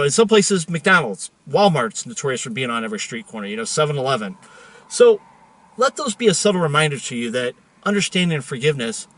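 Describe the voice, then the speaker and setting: A man hosting a show, telling a story in a car in a chatty, joking, animated way. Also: medium pitch. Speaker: host. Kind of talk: casual storytelling monologue.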